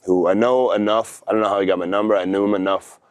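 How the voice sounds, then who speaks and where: Laid-back deep-voiced man rambling. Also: steady tone, fast, smooth, no room sound. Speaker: podcast guest. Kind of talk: casual storytelling.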